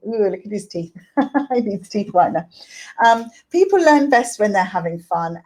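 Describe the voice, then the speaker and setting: Woman tutor, unhurried delivery, chatty, keeps asking "right?", middle-pitched voice. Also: a little mellow. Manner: chatty, often checks in with a questioning "right?". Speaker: literacy tutor hosting an online lesson. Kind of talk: casual teaching talk with a poetry reading.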